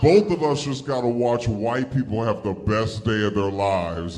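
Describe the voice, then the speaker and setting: A man doing a stand-up comedy set, telling stories in an animated way and acting out the dialogue in raised voices. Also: lowish voice, moderate pace, crowd noise.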